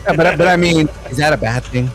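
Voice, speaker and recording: A man's voice: a little fast, soft background music. A man casually chatting while streaming a game, slipping into jokey, exaggerated accent bits. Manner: joking, does high exaggerated accent bits. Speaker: streamer host. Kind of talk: casual gaming chat.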